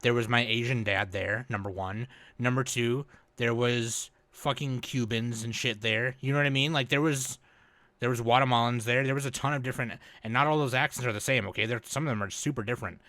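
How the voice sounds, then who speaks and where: A man's voice: medium pitch, brisk, no room sound. A man hosting a podcast, chatting casually and telling stories with plenty of swearing. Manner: profane, animated storyteller. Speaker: podcast host.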